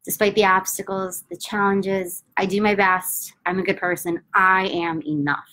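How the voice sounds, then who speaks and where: A middle-aged woman coaching a tapping session, talking in an upbeat, emphatic way and then slowly chanting affirmations. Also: mid-range voice, level tone, a bit bright, poor audio. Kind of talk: guided self-help instruction.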